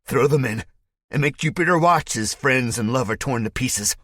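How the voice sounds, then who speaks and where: A man voicing an unhinged male captor who shouts in manic glee, his voice pushed far above his own. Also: on the high side, expressive, moderate pace, breathy edge, no echo, studio quality, voice pushed up. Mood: gloating.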